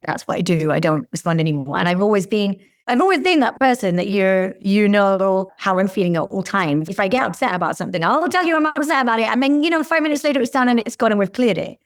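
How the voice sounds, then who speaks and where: A woman's voice: medium pitch, quick pace, hardly any pauses. A woman, a clinic owner telling candid stories as a podcast guest. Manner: candid, animated storytelling. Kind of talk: podcast interview.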